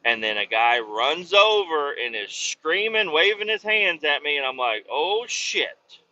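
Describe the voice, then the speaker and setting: Sharp-voiced man telling a profane story. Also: on the high side, moderate pace. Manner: profane, rambling, animated. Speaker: podcast host, truck driver. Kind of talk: casual storytelling. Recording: dull lo-fi with faint noise.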